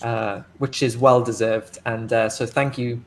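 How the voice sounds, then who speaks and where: Welsh man, worn-out co-host, rambling casual chat, mid-pitched voice. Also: flat delivery, a little slow, slight background noise. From Wales. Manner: tired, rambling, stumbles over words. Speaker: guest co-host and interviewer.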